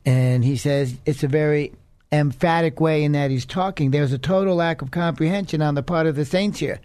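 Male radio Bible teacher, slightly high voice, earnest and chatty, dry close sound. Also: moderate pace, a little mellow, clean tone, no echo. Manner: earnest, conversational, with fillers.

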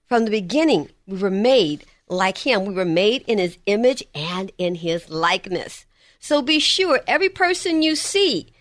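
A woman preaching a sermon, swinging between emphatic lines and hushed, slow ones. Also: fairly high pitch, dry recording, clean studio sound.

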